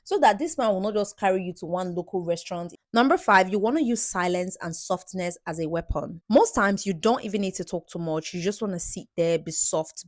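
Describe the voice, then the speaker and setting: A woman's voice: fairly low pitch, no room sound, studio quality. A woman with a Nigerian accent giving playful, emphatic beauty and dating advice straight to camera. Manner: playful, teasing, emphatic coaching. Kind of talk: direct-to-camera advice monologue.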